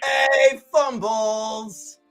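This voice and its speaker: A man's voice: very high-pitched, fairly even intonation, very slow, soft background music, voice pushed up, heavily acted. A man voicing a group of rowdy young men heckling from a distance. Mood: jeering. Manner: loud mocking heckling.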